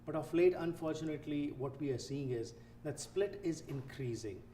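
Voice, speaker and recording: A man hosts a talk show and asks long, formal questions with some hesitations. His voice is mellow and mid-pitched. The room is echoey, with a faint hiss underneath. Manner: formal, halting, many backchannel affirmations. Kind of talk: interview questions.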